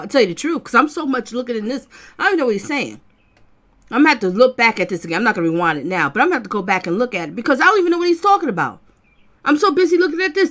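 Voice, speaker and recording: A woman hosting her channel, commenting casually and with exasperation as she reacts to a video and reads out viewer comments. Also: high-pitched. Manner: exasperated, animated, talks back at the screen. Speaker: channel host reacting to trial footage.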